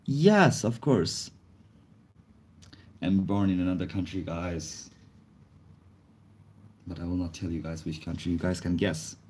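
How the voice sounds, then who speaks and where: A man's voice: low-pitched, level tone, moderate pace, long pauses, warm tone, slight background noise. A young man with a slight cold, chatting casually on a livestream in non-native English with grammar slips, reacting to chat comments. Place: indoors, face not shown.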